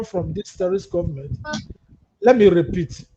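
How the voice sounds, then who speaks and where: A man's voice: high-pitched, animated, measured pace, darkish tone. A Nigerian man with a Nigerian Pidgin English accent, hosting a live political talk show, reading viewer comments and answering them with mocking asides. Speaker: host. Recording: muffled lo-fi audio with faint hiss.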